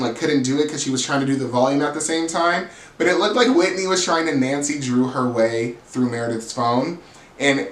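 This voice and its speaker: A man hosting a casual recap of a reality show, telling it in an animated, sassy, gossipy way. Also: mid-range voice, roomy sound. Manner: animated, sassy, gossipy storytelling with acted-out quotes.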